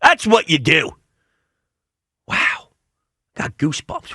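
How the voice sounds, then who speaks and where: A man's voice: fairly high pitch, very animated, takes it slowly, pauses often, no room sound, studio quality. A man hosting a sports radio show, reacting with enthusiasm and taking calls. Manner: enthusiastic, reacts warmly to callers.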